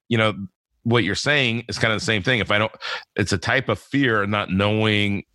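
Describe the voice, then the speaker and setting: A man's voice: lowish voice, bright, forceful tone, dry recording. A man hosting a podcast interview, talking in a rambling, chatty way with frequent restarts. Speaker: podcast host.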